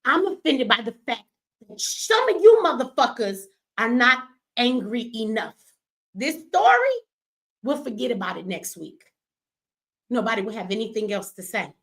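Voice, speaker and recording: A woman's voice: a little high, animated, normal speed, gravelly, a bit bright. A middle-aged woman, an activist host delivering an angry, profane livestream rant, tearful at times. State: crying.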